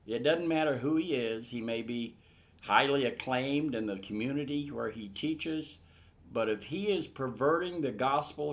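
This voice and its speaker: Earnest male Bible teacher. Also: medium pitch. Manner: earnest, building to emphatic bursts.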